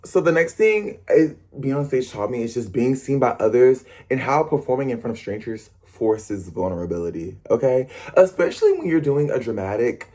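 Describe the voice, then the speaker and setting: Fast-talking young man with a husky voice. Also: medium pitch. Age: young adult. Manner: fast-talking, animated, rambling with laughs and self-corrections. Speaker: stage performer and dancer. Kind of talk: casual talk to camera.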